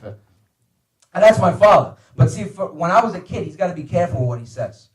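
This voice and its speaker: A man telling foul-mouthed family stories in an animated stand-up style, acting out everyone's voices. His voice sits high for a man, and the sound is roomy. The mic is well away from him. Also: a little fast, distant mic. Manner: profane, animated, acts out voices. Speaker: comedian guest telling stories. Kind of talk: stand-up storytelling.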